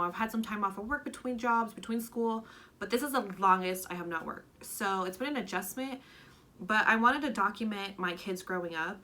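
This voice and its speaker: A woman's voice: medium pitch, sharp tone. A young woman who is a stay-at-home mom, chatting candidly through a Q&A vlog and using lots of "like" fillers. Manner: chatty and candid, many "like" fillers, gets emotional. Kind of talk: casual Q&A vlog chat.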